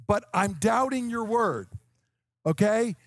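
A man's voice: sits high, animated, takes it slowly, dry recording, studio quality. A man in his fifties preaching an expository sermon, explaining scripture emphatically and checking in with the listeners. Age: 50s.

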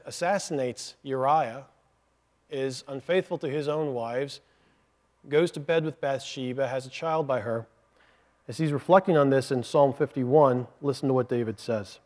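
A man's voice: medium pitch, darkish tone. Man preaching an earnest teaching sermon. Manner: earnest teaching, explaining step by step with asides. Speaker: pastor.

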